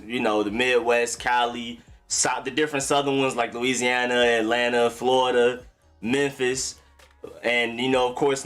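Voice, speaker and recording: A young man hosts a football live stream in an easygoing, slang-filled way, calling out viewers as he talks. His voice sits at a middling pitch. Faint music plays behind him. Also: fairly bright tone. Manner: loose, slangy, chatty, greets viewers. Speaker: sports live stream host. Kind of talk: casual live-stream talk.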